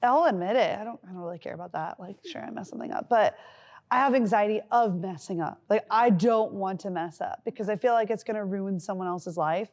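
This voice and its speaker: A woman's voice: mid-range voice, fairly quick, a little mellow. A young woman co-hosting a podcast with her mother, rambling through personal stories with frequent giggles. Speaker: podcast co-host. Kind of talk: casual chat.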